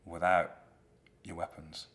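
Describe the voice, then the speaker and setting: A sly young nobleman who plots behind a show of concern, voiced by a man. Smooth and low, the scheming villain of a storybook play. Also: little pitch movement, slow pace, a bit bright, heavily acted.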